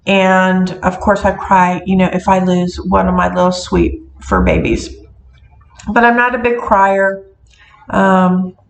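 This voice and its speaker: A middle-aged woman chats casually to her viewers, rambling along with plenty of ums and restarts. Her voice sits at an ordinary pitch and carries a clear echo from the room around her. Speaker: witch and metaphysical shop owner. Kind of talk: casual talking-to-camera vlog. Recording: echoey room.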